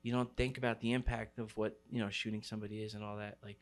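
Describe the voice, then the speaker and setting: A middle-aged graffiti writer from New City, New York City, tells his story in an interview, full of street slang and fillers. He talks fast in a lowish voice with little pitch movement.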